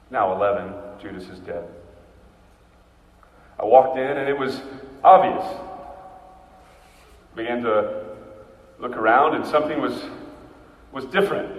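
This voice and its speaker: Slow, impassioned preacher in an echoey hall. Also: male voice, medium pitch. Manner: impassioned, swinging between hushed and loud. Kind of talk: dramatic first-person sermon monologue. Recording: echoey hall, mic far off.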